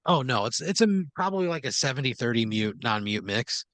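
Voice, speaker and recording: A man at a podcast microphone tells a rambling, improvised comic story at a middling pitch. He leans on filler words and keeps checking in with his listener. The sound is dry and close. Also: very animated, a little fast, fairly bright tone, dry recording. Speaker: podcast host.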